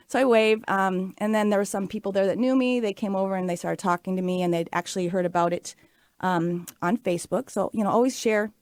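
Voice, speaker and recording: A radio show host in her late forties speaks at a medium pitch, a little fast and a little mellow, with no room sound. In a casual talk show monologue, she tells stories in a chatty, upbeat way, filled with fillers.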